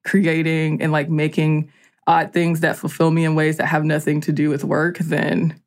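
Chatty low-voiced Southern-raised woman. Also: completely flat delivery, moderate pace. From American South. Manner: chatty, frequent "like" fillers, laughs easily. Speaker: guest storyteller. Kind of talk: casual podcast chat.

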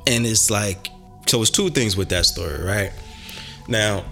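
A man in casual podcast chat, animated and rambling, with lots of cursing. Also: lowish voice, unhurried, faint music behind.

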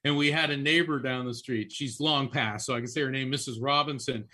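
A man who is a psychic medium, giving animated, chatty readings on a call-in show and often repeating names as he goes. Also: mid-range voice, a little fast.

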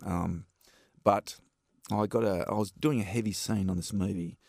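A man's voice: fairly low pitch, steady tone, normal speed, creaky, a little mellow, dry recording, clean studio sound. A man with an Australian accent, a stuntman guest telling rambling anecdotes in a casual interview. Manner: laid-back, rambling anecdotes with many fillers.

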